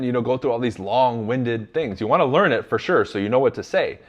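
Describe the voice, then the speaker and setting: A man's voice: medium pitch, fast, hardly any pauses. Blunt, emphatic male sales coach. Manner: blunt and emphatic, addresses the audience as "you guys"; drops into casual swearing. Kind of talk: direct motivational instruction.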